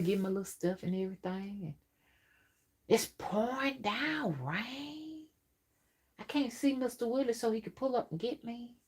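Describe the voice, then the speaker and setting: A middle-aged woman, telling a stern, warning story to her viewers in a casual monologue. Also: mid-range voice. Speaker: rootwork spiritual reader.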